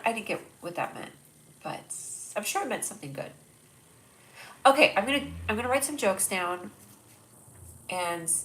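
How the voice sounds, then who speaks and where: A woman's voice: medium pitch, a bit bright, a little hiss or hum, poor audio. A young adult woman with a stuffy nose, hosting a casual live stream, rambling and self-deprecating as she reads viewers' jokes aloud. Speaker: host. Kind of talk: casual livestream chat.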